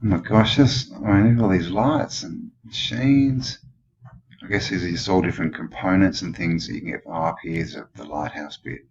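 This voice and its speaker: An Australian man with a very low, deep voice comments in a loose, rambling way, throwing out questions as he goes. The sound is dull and lo-fi. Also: normal speed, a little mellow, slight background noise. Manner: rambling, musing, full of questions. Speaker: channel host. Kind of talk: casual commentary over old photos.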